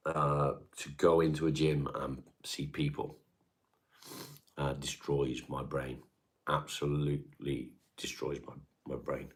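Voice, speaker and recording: Speaking extremely low and slowly with a flat delivery, this middle-aged man from England has a Devon accent. He's at home running a livestream, reading the chat and replying to viewers bluntly and casually, with plenty of swearing.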